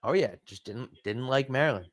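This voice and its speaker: A man's voice: mid-range voice, animated, a little fast. A man hosting a livestream, chatting casually and talking to his chat. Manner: chatty, reads the chat aloud. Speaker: stream host.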